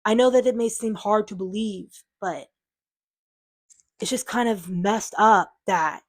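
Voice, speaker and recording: Talking to her audience off the cuff, the channel owner rambles defensively and with frustration, leaning heavily on filler words. Her voice is mid-range and her delivery measured.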